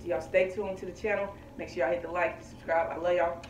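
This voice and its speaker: A man's voice: high voice, little pitch movement, quick pace, slight background noise. A man hosting a reaction video, talking in a casual, slangy way and hyping up his viewers. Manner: laid-back slangy, hypes up viewers. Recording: roomy echo, distant from mic.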